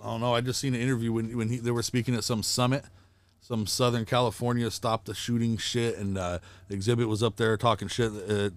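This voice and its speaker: A man chatting casually on a podcast panel, talking in a profane, animated way with frequent laughs. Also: mid-range voice, a little fast, no echo. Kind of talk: casual chat.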